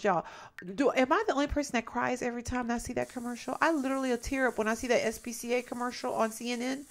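A woman's voice: a little high, fairly even intonation, fast, faint music behind. A woman giving casual let's-play commentary, chatty and exasperated, often talking to her viewers as "y'all". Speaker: gameplay commentator.

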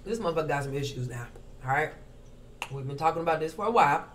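This woman talks fast and animatedly in a low voice, with a little hiss or hum behind her. A brash, profane tarot reader, she delivers a casual reading to camera in slangy rhythmic lists, smoking and crunching ice throughout.

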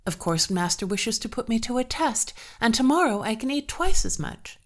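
A woman raises her voice into a hungry young farm boy from a folktale, exasperated and protesting loudly. His lines ring higher and more forceful than the narration around them. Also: very animated, moderate pace. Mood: indignant.

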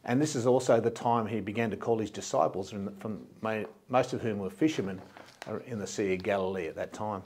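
A man's voice: lowish voice, a little fast, darkish tone, slight background noise. A man from Australia, a pastor, preaching a sermon in a plain, explanatory way and often repeating words as he goes.

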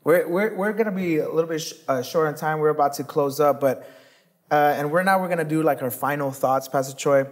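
Earnest man co-hosting a church talk. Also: on the high side. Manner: affirming, earnest, quick interjections. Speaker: pastor, co-host. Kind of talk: casual conversation.

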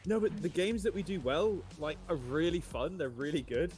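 A man's voice: fairly high pitch, expressive, moderate pace, darkish tone, faint music behind. A man playing a game with a friend, chatty and keen to explain gun and tech trivia. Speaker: co-player. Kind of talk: casual gameplay chat.

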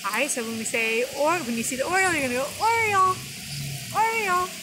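A woman teaching young children in a video lesson, talking in a gentle, sing-song way that is exaggerated for little ones. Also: fairly high pitch, animated, very fast. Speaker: preschool teacher. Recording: noisy background.

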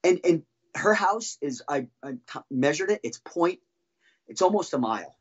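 Halting man with a higher voice. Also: husky, lo-fi sound. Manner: halting, restarts often, animated storytelling. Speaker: guest, former band drummer. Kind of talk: casual podcast interview storytelling.

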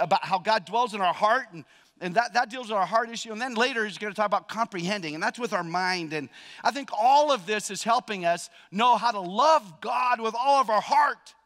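Guy preaching, kinda high voice, gets loud then goes quiet, big echoey church. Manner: animated, swings from loud emphasis to hushed storytelling. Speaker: pastor. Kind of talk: sermon. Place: church sanctuary. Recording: long reverb of a large hall.

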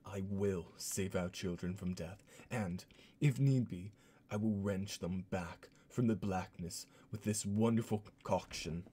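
An obsessed, grim old scientist father, as a man puts him on in a fake accent, slow and solemn. The voice sits low and dark, with a mellow tone. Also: slight background noise. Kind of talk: dramatic reading of game notes.

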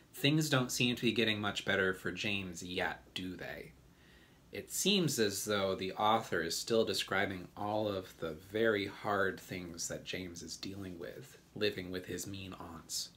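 A man reading a children's storybook aloud as a teacher, gentle and deliberate. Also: sits low.

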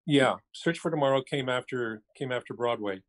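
On a podcast, an older actor phones in and recalls his career in a reflective, easygoing way with a wry edge. He talks at normal speed in a medium-pitched voice, casual interview style.

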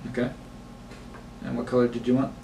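A man running a tabletop game, talking through the rules with frequent pauses. He sits away from the mic in an echoey room. A steady hiss of noise sits under his voice. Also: mid-range voice, gravelly, far from the mic. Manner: halting, many fillers. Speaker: game master.

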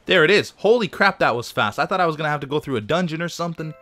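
A man's voice: fairly high pitch, expressive, fairly bright tone. Easygoing man commentating a game. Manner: easygoing, chatty, quick reactions. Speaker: let's play gamer. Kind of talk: casual gameplay commentary. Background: game music.

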